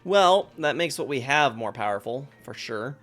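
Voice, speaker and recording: Man, gaming streamer, casual live commentary, relaxed, thinking aloud, middle pitch. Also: moderate pace, faint music behind.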